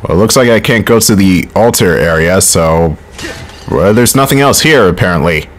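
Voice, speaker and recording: A man's voice: sits low, expressive. Wry swearing male gamer. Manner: wry, swears often, quick bursts of frustration. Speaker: gameplay commentator. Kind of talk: casual let's play commentary. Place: home room, recorded at home.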